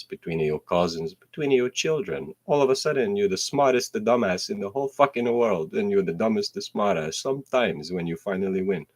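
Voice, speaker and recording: Running a one-man show, this guy spills out a profane, free-associating monologue, sometimes half-rapping lines. His volume keeps swinging from shouted bursts down to low muttering.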